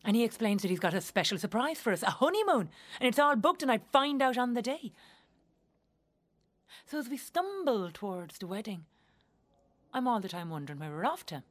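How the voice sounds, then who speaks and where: A woman's voice: a little high, animated, brisk. An actress with an Irish accent performing a theatrical monologue as a young Irish woman who speaks in an earthy, wry and blunt way and swears freely.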